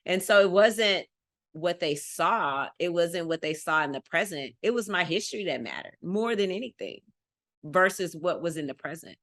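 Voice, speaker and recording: A Texan woman appears as a guest on a talk show, chatting casually and emphatically in a lowish, expressive, fairly bright voice at a moderate pace. She laughs often and repeats points to drive them home.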